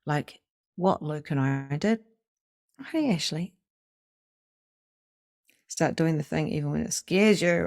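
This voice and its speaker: A middle-aged woman giving an animated, casual motivational talk as a spiritual coach, swearing freely and acting out inner voices. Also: deep voice, slow, pauses often, no room sound, clean studio sound. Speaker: psychic medium and spiritual coach.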